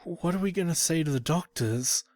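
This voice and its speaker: A man's voice: fairly high pitch, lively intonation, moderate pace, darkish tone, voice pushed up, close to an everyday voice. A man voicing a frightened, unhinged young man who stammers and pleads, in a creepypasta reading. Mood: anxious. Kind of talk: creepypasta narration.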